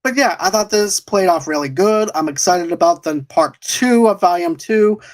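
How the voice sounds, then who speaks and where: A man's voice: high voice, expressive, normal speed. A man hosting a podcast in casual chat, rambling and restarting his sentences with frequent chuckles. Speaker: podcast host.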